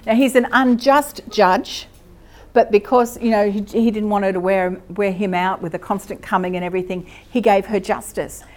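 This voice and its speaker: A middle-aged Australian woman giving a lively, conversational church teaching and asking her listeners questions. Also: medium pitch, moderate pace. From Queensland, Australia. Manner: lively, asks the audience questions.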